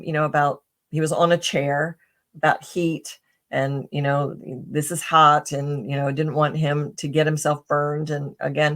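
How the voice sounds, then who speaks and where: A middle-aged woman, a podcast guest, telling personal stories in a chatty way with many fillers, restarts and a tag "right?". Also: low voice. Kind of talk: casual interview storytelling.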